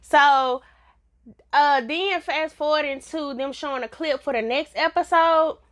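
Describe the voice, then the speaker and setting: High-voiced woman vlogging a show review, blunt and laughing a lot. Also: unhurried. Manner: blunt, animated, laughs often. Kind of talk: casual review vlog.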